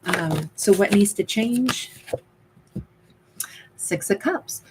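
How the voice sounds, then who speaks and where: A woman's voice: medium pitch, animated, very slow, a little mellow, slight background noise, poor audio. A woman giving a casual tarot reading, talking loosely and acting out what other people might say. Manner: chatty, acts out quoted lines. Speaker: tarot reader.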